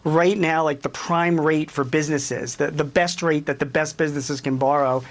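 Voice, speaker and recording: A man speaking as a business commentator and guest on a TV news interview, animated and emphatic, with many fillers. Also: fairly high pitch, normal speed.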